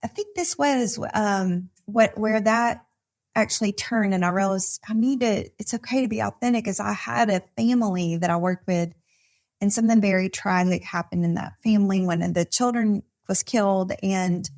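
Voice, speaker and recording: A woman's voice: mid-range voice, normal speed, a little mellow. A woman therapist, a podcast guest, talking casually at a live conference recording, with many fillers and restarts. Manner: chatty, many fillers and restarts, frequent laughter. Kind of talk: casual conversation.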